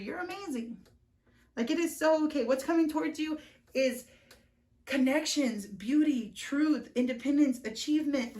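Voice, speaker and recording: Chatty young woman tarot reader, echoey room. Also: high-pitched. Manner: chatty, laughs often, swears casually. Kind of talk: casual tarot reading vlog.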